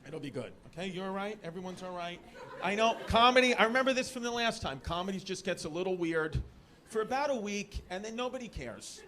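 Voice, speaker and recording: Brisk and animated, this high-pitched comic from New York works a club crowd live, wandering through self-deprecating bits and ribbing the audience. The recording is full of loud crowd and room noise.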